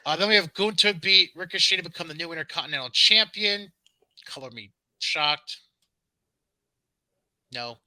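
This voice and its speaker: A man's voice: on the high side, moderate pace, long pauses, pushed and bright, dry recording, poor audio. A man co-hosting a podcast, casually recapping wrestling shows with sarcastic, dismissive asides and frequent ums. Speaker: podcast co-host.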